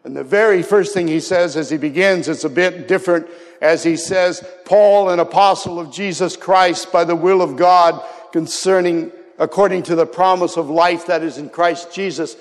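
A man preaching a sermon with earnestness, sometimes dropping soft and low and sometimes bursting into a shout. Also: normal speed, long reverb tail. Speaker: pastor.

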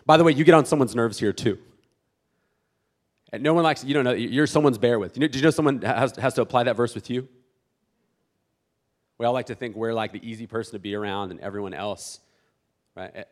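Animated male pastor preaching. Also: mid-range voice, brisk, pauses often. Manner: animated, acts out imagined church members; many restarts and repeated words. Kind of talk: sermon.

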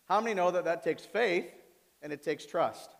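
High-voiced pastor preaching in a hall. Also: male voice, moderate pace, gravelly. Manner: animated, asks the audience questions. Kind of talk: sermon. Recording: reverberant hall.

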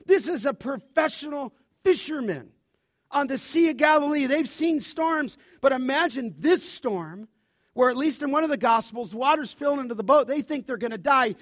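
A man preaching a sermon as pastor, animated, often asking his listeners to finish his sentences. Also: very high voice, moderate pace, no echo, studio quality. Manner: animated preaching, asks the congregation to fill in words.

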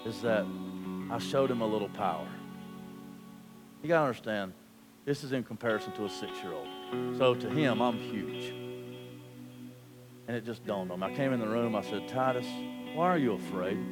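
A man in his thirties preaching a sermon, telling a family story and building to loud, fervent preaching. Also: fairly low pitch, normal speed, long pauses. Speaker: pastor. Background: guitar music.

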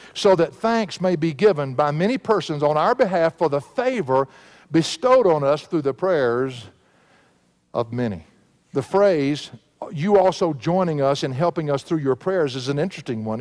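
Male pastor, earnest expository sermon, slightly high voice, dynamic emphasis. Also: darkish tone. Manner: earnest preaching, swelling and dropping with emphasis.

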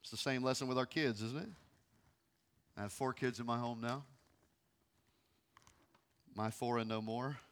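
A man in his thirties, a pastor preaching a sermon, moving from quiet, hushed passages to loud, pleading ones. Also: medium pitch, steady tone, moderate pace, long pauses, clear, resonant tone. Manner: emotional, swings from hushed to loud.

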